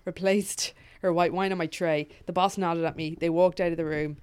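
A woman's voice: fairly low pitch, fairly even intonation, normal speed, darkish tone, clear, resonant tone. A woman reading a funny story aloud on a podcast, often laughing, stopping to comment and swearing freely. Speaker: podcast co-host.

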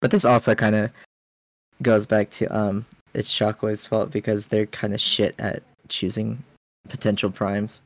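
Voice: medium pitch, level tone, a little slow. A podcast co-host in casual fan chat, blunt and joking with fillers.

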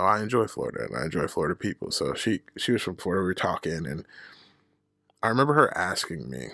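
A man's voice: sits low, dry recording, studio quality. A man hosting his own podcast, telling a personal story in a casual, profane, candid way, laughing at himself and acting out the people he quotes. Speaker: podcast host.

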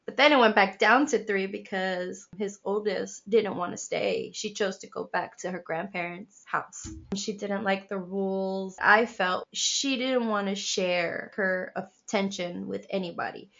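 A woman co-hosting a podcast, chatty and quick to laugh, animated as she tells stories in casual chat. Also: mid-range voice, gravelly, lo-fi sound. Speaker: podcast co-host.

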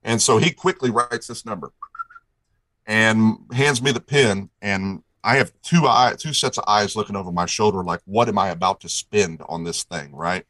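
A man from Indiana tells a rambling, folksy story and acts out everyone's lines along the way. His voice sits a little low but comes across bright and forceful. The sound is dry and close. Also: normal speed, no echo, rough recording. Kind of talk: casual storytelling.

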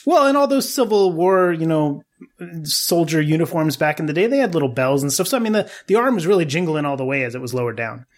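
A man telling a story on a casual podcast in an animated, joking way, laughing often. His voice sits a little high for a man. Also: fast talker.

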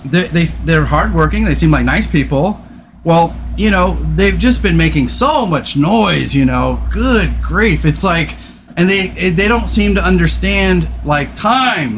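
Male podcast host, casual and profane, high-pitched and lively, faint noise in the background. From California. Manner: animated, swears, laughs often. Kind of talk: casual chat.

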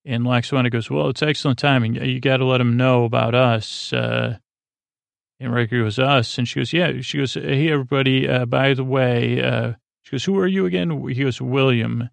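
A man recapping an episode in a slow, meandering sleep-podcast style, full of fillers and restarts. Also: mid-range voice, level tone, gravelly, clean tone, no echo. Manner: meandering, filler-heavy, halting retelling. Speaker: podcast host.

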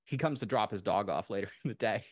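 A podcast co-host in his thirties with a fairly low voice, talking in an easy, chatty way. He tells a story with lively, enthusiastic tangents. His voice sounds dry and close to the mic. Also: fast, no room sound. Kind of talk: casual chat.

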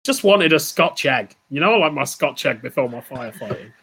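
A man's voice: on the high side, lively intonation, fairly quick, a bit bright, a little hiss or hum. A man performing an improv comedy scene, goofy and apologetic, rambling along.

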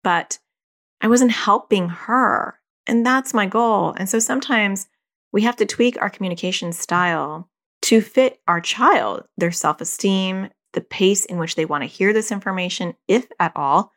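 A woman's voice: medium pitch, unhurried, fairly bright tone. A middle-aged woman therapist and parent giving casual advice, telling stories with animation, laughing and acting out quoted voices.

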